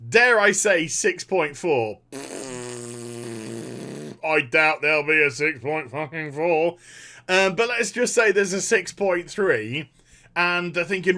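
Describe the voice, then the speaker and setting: A man's voice: sits high, pushed and bright. A man, sarcastically ranting about a game story, swearing freely and mocking characters. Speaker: gaming commentator. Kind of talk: animated opinion rant.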